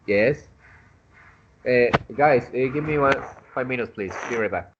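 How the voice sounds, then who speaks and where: A man's voice: mid-range voice, unhurried, dull audio, background noise. A man teaching an online English class, patiently correcting pronunciation with frequent hesitations.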